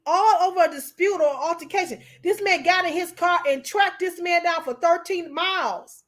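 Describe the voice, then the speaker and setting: High-voiced woman hosting a livestream. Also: normal speed. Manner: emotional, candid, talks straight to viewers. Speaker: YouTube show host. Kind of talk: casual commentary livestream.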